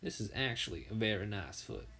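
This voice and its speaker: A man giving soft-spoken commentary while he draws, half-whispering and musing aloud as he works. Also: lowish voice, sing-song, fairly quick, creaky, a little hiss or hum. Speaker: artist. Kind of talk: drawing commentary.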